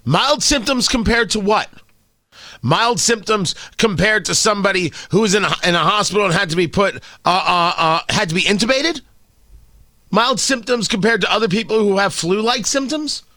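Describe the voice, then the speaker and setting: A man's voice: high voice, normal speed, sharp tone, no room sound, clean studio sound. A man hosting an opinion commentary monologue, sardonic and opinionated, firing off emphatic rhetorical questions. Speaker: commentary show host.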